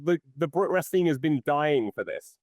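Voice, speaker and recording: A man's voice: a little high, expressive, darkish tone, dry recording. Eager male podcast host, dry sound. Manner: enthusiastic, quick reactions. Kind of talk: casual interview chat.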